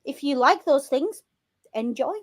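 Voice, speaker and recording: A woman's voice: high voice, lively intonation, unhurried. A woman with a British accent co-hosting a casual film podcast, chatty and blunt, swearing now and then. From Britain. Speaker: podcast co-host.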